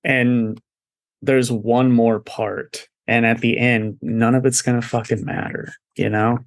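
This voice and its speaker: A man's voice: mid-range voice, steady tone, slow, no echo. A man co-hosting a podcast, talking casually about comics in a laid-back way, swearing and laughing often. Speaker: podcast co-host. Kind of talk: casual comic review chat.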